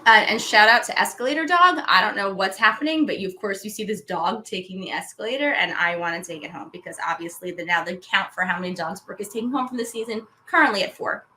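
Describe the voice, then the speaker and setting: A woman co-hosting a podcast, recapping each episode in a chatty, animated way. Her voice is bright, forceful and mid-pitched. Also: fast, hardly any pauses, a little hiss or hum. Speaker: podcast co-host. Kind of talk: casual chat.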